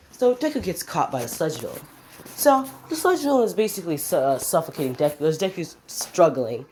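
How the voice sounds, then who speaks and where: A woman's voice: sits low, darkish tone, a little hiss or hum. A woman casually improvising a fan story, rambling with restarts and swearing.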